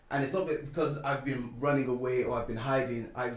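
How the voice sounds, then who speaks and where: Speaking quickly with few pauses and a medium-pitched voice, a man relates a personal anecdote on a podcast, animatedly acting out people's words. The sound is echoey, picked up from a distant microphone.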